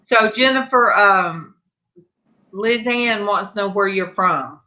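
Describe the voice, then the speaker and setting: Slow-talking chatty woman, bright muffled voice. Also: mid-range voice. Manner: slow, chatty, rambling with restarts. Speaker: livestream host. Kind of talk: casual chat with viewers. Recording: muffled lo-fi audio.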